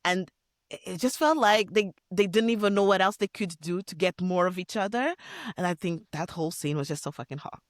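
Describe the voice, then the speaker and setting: A woman's voice: lowish voice, fairly quick, dry recording, studio quality. A woman co-hosting a podcast in casual chat, agreeing eagerly and swearing casually. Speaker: podcast co-host.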